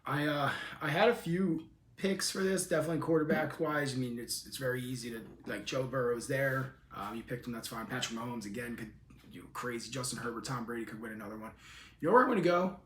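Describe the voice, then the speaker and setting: A man co-hosting a podcast, casually steering a football chat with questions, relaxed and easygoing. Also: medium pitch, quick pace, echoey room. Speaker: podcast co-host.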